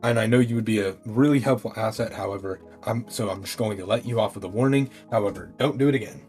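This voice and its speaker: A man voicing a stern, weary dog police chief, speaking in a flat, lecturing way. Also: on the low side, fast talker, soft background music, natural voice.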